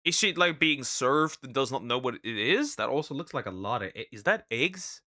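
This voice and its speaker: A man chatting through a casual reaction stream, animated and quick to exclaim. His voice is bright and forceful, with a pitch that leaps all over the place. The sound is close and dry. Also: dry recording. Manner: animated, exclaiming and repeating himself.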